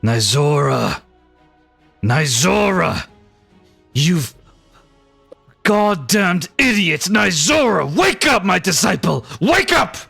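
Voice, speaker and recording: A man doing an impatient god of sin, yelling. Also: high voice, very animated, takes it slowly, gravelly, pauses often, slightly rough, dry recording, soft background music, pitched above the performer's own voice, exaggerated voice. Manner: shouting, impatient. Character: irritable male god of sin, bossy mentor.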